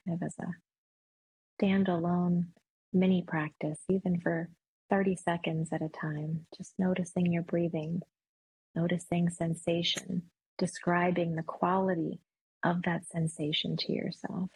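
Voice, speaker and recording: A woman yoga and mindfulness instructor leading a guided meditation in a soft, slow, soothing voice. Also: fairly low pitch, level tone, husky, dry recording, poor audio.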